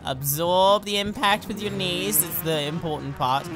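A young man commentating on his own gameplay, excitable and jokey, talking to himself and yelping when he crashes. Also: sits high, a little slow, music in the background. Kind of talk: let's play commentary.

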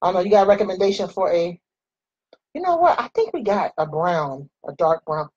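A woman's voice: fairly low pitch, big pitch swings, a little fast, a little mellow, husky, lo-fi sound. A woman in her forties chatting playfully with viewers while she does her makeup. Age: 40s. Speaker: makeup vlogger. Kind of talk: casual chat while doing makeup.

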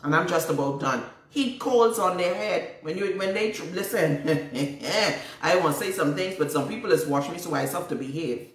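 A woman's voice: on the low side, animated, normal speed. Woman preaching in a roomy space. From Bahamas. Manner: emphatic and repetitive, cites scripture. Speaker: prophetess. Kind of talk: preaching, answering viewer questions. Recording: roomy, distant mic.

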